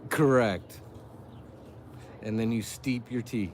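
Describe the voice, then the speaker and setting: By a backyard fire at night, a father who livestreams hosts a casual chat, joking, laughing often and reading viewers' messages aloud. His voice is mid-range and unhurried, with a little hiss or hum on the recording.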